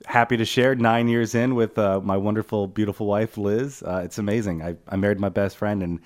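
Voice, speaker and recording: A man's voice: fairly low pitch, fairly even intonation, fairly quick. A man in his thirties chatting casually on a podcast, earnest with dry quips. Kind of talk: casual chat.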